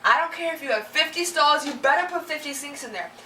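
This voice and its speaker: A young woman vlogger complains casually and with exasperation about her pet peeves, voicing the people she's griping about. Her high voice is quick and sharp with lively intonation; the sound is roomy, slightly distant from the mic, with a little hiss or hum.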